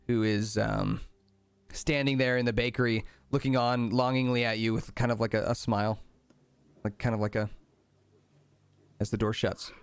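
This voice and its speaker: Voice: mid-range voice, steady tone, moderate pace, pauses often, clear, resonant tone, no room sound. A game master narrating a tabletop game in a casual, filler-heavy way, close and dry.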